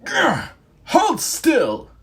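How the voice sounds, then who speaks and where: A man voicing a British-accented medieval knight monster, a blustering villain in a homemade audio story who talks in booming, theatrical shouts. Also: wildly swooping pitch, extremely slow, gravelly, heavily acted. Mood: frustrated.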